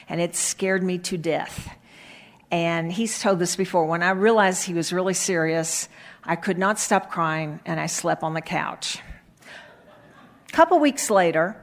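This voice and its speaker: A middle-aged woman who serves as a children's pastor tells kids a Bible story and her own testimony in a lively manner, then prays gently. Her voice is on the low side.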